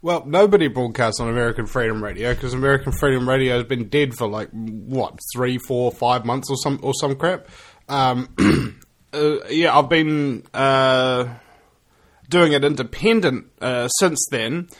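A New man talks as a radio guest, rambling and joking with frequent fillers. His voice sits at a middling pitch. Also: unhurried. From New Zealand. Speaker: radio guest and fellow show host. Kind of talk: casual talk radio chat.

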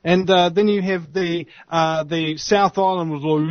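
A chatty New Zealand man with dry, muffled audio, speaking slightly high. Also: measured pace, dry recording. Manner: chatty, rambling, animated storytelling. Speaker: panelist monitoring the chat. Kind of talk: casual online panel talk.

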